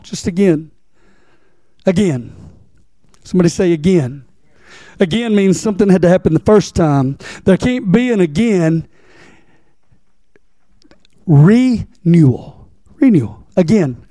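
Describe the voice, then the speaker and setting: A man preaches, teaching a Bible passage in a church with a folksy, repetitive style and questions for the congregation. His voice is high but mellow in tone. He talks slowly, and the sound is dry and close. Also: no echo. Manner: folksy, repeats key words, asks the congregation.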